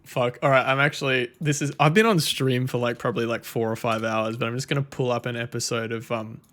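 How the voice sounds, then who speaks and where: A man's voice: medium pitch, fairly even intonation, a little fast, a bit bright. A young man, chatting casually on a livestream, rambling and swearing freely. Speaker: streamer.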